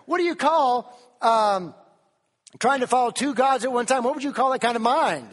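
Speaking in a very high voice at a moderate pace, a preacher from Tennessee fills a large hall with an animated sermon. He keeps questioning the congregation and quotes from the King James Bible.

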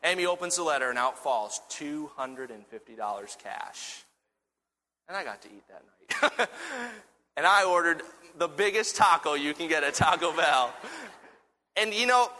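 A man preaches in an animated storytelling manner, stumbling and restarting as he goes. His voice sits a little high and sounds bright and forceful. A long reverb trails each phrase, as in a large church hall. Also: moderate pace. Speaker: pastor. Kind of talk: sermon.

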